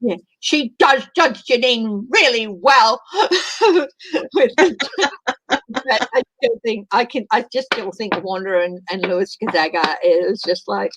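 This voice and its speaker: A woman hosting a casual chat, talking in an animated, chatty way. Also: on the high side, a little slow, low-quality recording. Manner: animated, chatty, breaks into voices and laughter. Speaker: host.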